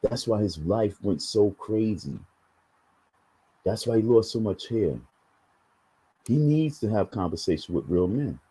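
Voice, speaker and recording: Husky, low-voiced man ranting. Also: expressive, measured pace, pauses often, mellow, poor audio. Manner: emphatic, blunt, profane. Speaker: online commentator. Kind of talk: preachy monologue to viewers.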